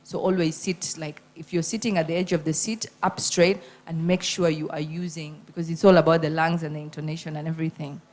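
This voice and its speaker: A woman, a radio host judging a contest and giving spoken feedback to contestants. She talks in an animated, emphatic way, stressing and repeating her points. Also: low voice, fairly quick, hardly any pauses.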